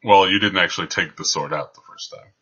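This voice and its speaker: A man's voice: sits low, brisk, sharp tone, husky. A man narrating as game master of a tabletop game, with dry, teasing remarks. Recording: dull lo-fi sound.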